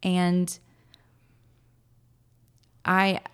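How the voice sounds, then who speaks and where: A woman in her thirties, a podcast guest, telling a personal story with animated voices for her past self and frequent laughter. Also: fairly low pitch, drawn-out words, smooth. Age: 30s. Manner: animated, acts out her own past words, laughs often. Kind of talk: emotional personal storytelling in an interview.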